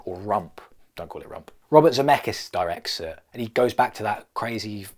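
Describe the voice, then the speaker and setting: A man's voice: fairly low pitch, animated, normal speed. A man riffing through a comedic solo vlog, rambling and self-mocking, often stopping to restart his thoughts. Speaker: vlogger.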